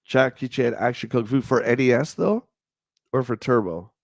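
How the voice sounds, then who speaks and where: A man's voice: medium pitch, expressive, moderate pace, gravelly, dry recording, clean studio sound. A man with a stuffed-up, nasal voice hosting a livestream, reading old magazine reviews aloud and riffing on them in a rambling, jokey way. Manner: rambling, jokey, reads then riffs on the text.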